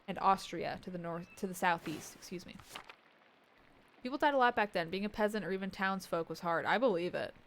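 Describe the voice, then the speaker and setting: A woman streaming a game, reading its dialogue aloud and breaking off into joking asides and soft muttered remarks. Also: medium pitch. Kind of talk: let's-play commentary.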